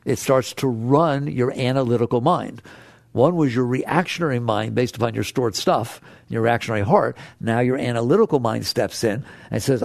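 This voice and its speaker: Gravelly older man giving a lively talk. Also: medium pitch, fairly quick, no echo. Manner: animated, conversational, asks the audience questions, acts out inner voices. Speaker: spiritual teacher. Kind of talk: talk to a live audience.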